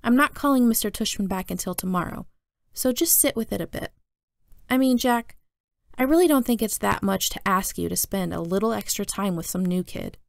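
Woman reading as a patient mom coaxing her kid, soft, slightly gravelly. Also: medium pitch, fairly quick, no echo, natural voice. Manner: gentle, coaxing. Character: patient mother, gently persuasive.

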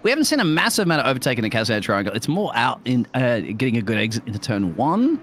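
A man commentating a live sim race, chatty and bantering with his co-host and bursting into excited calls. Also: medium pitch, fast talker, slight background noise. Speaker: lead commentator.

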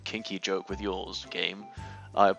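A man's voice: deep voice, little pitch movement, slow, gravelly, fairly bright tone, faint music behind. A young man playing through a game, reading its dialogue aloud and cracking ironic jokes in between. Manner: jokey, ironic asides, puts on voices for characters. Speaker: let's play commentator.

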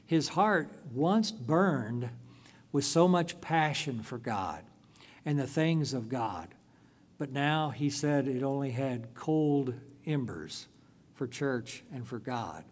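A male pastor delivers a sermon at a slow, unhurried pace. He tells the story in a deliberate way, stretching out key phrases. His voice sits at a middling pitch for a man. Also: lively intonation.

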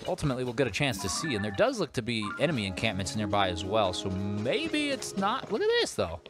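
A man hosting a let's play, giving chatty, animated commentary with joking asides while he plays. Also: fairly low pitch, fast. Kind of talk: video game commentary. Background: game music.

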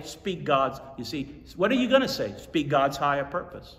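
Brief: pastor, slightly high voice, lively storytelling sermon, miked from a distance. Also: male voice, moderate pace. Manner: animated storytelling, repeating lines for emphasis. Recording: echoey hall from far off.

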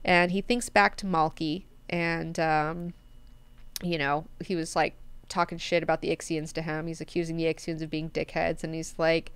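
A woman hosting a book club in a chatty, animated way with plenty of swearing. Her voice sounds very crisp and clear. The recording is dry and close. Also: low-pitched, moderate pace, dry recording. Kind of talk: casual book discussion.

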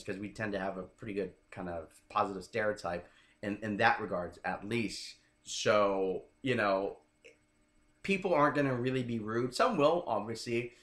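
A man's voice: lowish voice, a bit bright. A man who coaches dating, talking casually as an interview guest and checking in with the listener as he explains. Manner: chatty, keeps checking in with "right?". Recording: roomy echoing room.

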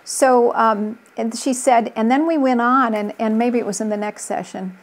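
A woman's voice: fairly high pitch, fairly even intonation, normal speed. Earnest woman coach telling stories. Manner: earnest, storytelling with quoted voices. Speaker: relationship coach, guest. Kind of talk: conversational interview.

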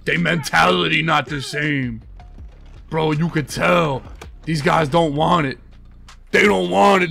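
With a fairly high pitch, vocal fry, and a sharp tone, this streamer takes his time while swearing and ranting about the game he's playing. He mostly talks to himself as game music runs in the background.

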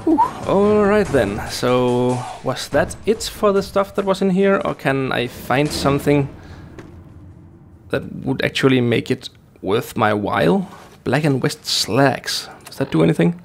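A man's voice: medium pitch, expressive, a little slow, creaky, a little hiss or hum. A man casually commenting on his gameplay, rambling and talking to himself with lots of fillers and restarts. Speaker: gaming YouTuber. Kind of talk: casual let's play commentary.

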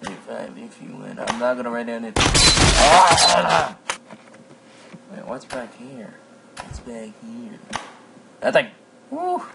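Excitable male gamer, slow gravelly delivery, noisy home recording. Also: medium pitch. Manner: excitable, yelps and exclamations at the game. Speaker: gameplay commentator. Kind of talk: casual let's-play commentary.

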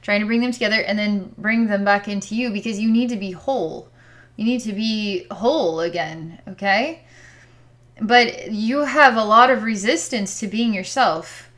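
A woman who works as a psychic healer describes what she sees during a distance healing session, searching hesitantly for words and sighing. Her voice is mid-range and a bit bright, at normal speed.

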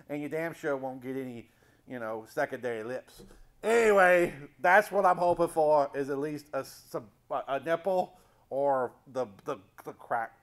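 A man's voice: a little high, fairly bright tone. A man playing a clueless, sleazy movie-review show host who rambles and keeps losing his train of thought in a comedy sketch.

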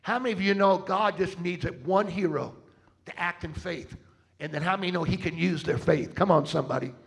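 High and gravelly, the travelling preacher's voice moves a little fast as he rallies the congregation with call-outs. He tells stories dramatically in a church service sermon that also appeals for funds.

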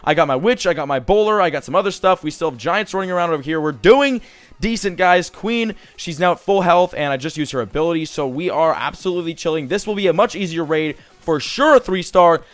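A young man giving casual, excitable commentary over his own gameplay, swearing and growing frustrated as things go wrong. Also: on the high side, fast, hardly any pauses, dry recording. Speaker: gaming commentator.

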